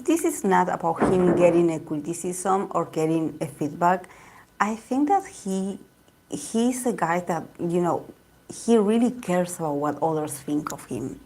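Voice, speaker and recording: Lady doing a chatty tarot reading, kinda low voice, rambles and repeats stuff. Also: darkish tone, husky. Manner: rambling, repeats herself, many "you know" and "like" fillers. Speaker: tarot reader. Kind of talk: casual tarot reading monologue.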